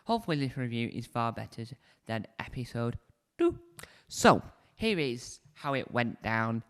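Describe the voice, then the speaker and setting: A man with a smooth, mid-range voice hosts a casual solo show review as a video host. He rambles, chats and corrects himself often, sitting indoors on a squeaky spinny chair with a desk mic close to his face.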